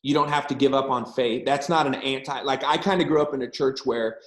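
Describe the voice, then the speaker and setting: Middle-aged pastor guy, earnest and blunt, keeps repeating stuff, mid-pitched voice, echoey room. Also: fairly even intonation, brisk, a bit bright. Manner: earnest, frank, repeats for emphasis. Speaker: guest pastor. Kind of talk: casual encouraging talk and prayer.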